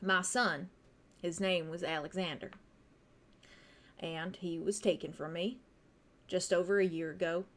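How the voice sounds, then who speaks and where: A woman voicing a grieving middle-aged male scientist who talks in a courteous, measured and coaxing way. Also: fairly low pitch, a bit bright.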